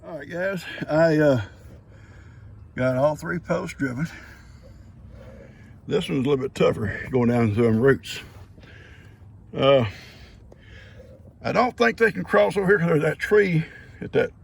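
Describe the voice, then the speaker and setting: A man's voice: on the high side, expressive, measured pace, creaky, pauses often, breathy edge. An older man, a farmer and host, chatting folksily and chuckling often as he narrates his work outdoors by a creek. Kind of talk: casual vlog narration while working.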